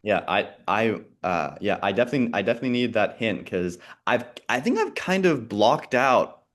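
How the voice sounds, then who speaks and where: A man on a video call in a casual quiz chat, thinking aloud, muttering softly while he recalls answers and laughing often. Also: lowish voice, sing-song, normal speed. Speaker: quiz co-host.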